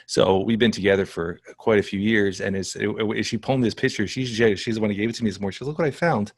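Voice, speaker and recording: A man with a fairly low voice hosts a conversational podcast interview. He reflects on what his guest says and affirms it, recorded close and dry. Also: fairly even intonation, quick pace, dry recording. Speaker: podcast host.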